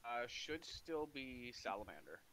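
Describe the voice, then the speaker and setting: Lively-voiced man at the game table. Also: mid-range voice, measured pace, poor audio. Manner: hesitant, lots of fillers. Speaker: player. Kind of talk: casual chat at a gaming table.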